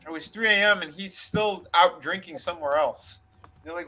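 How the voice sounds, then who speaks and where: Man, slightly high voice, chatty podcast storyteller, loose and profane. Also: normal speed, poor audio. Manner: animated retelling with acted quotes and laughter, swearing freely. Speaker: podcast co-host. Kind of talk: casual storytelling chat.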